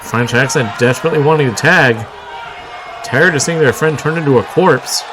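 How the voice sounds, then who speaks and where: A man doing live play-by-play commentary on a wrestling show, excitable, with frequent exclamations and wry asides. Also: medium pitch, moderate pace. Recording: clear crowd noise and background noise.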